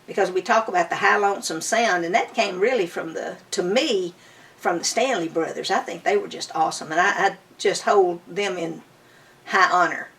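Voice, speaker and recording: A woman's voice: fairly low pitch, normal speed, a bit bright, distant mic. An older woman, a bluegrass musician telling stories in an enthusiastic, chatty way during a home interview. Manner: enthusiastic, chatty, fond storytelling. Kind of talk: casual storytelling interview. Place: her home.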